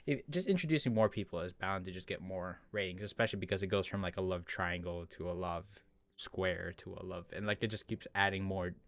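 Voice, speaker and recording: A man's voice: deep voice, a little fast, fairly bright tone. A young man commenting casually while playing a story game, musing aloud and often restarting his sentences. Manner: chatty, musing, trails off and restarts. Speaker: gaming video creator. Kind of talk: let's play commentary and reading a visual novel.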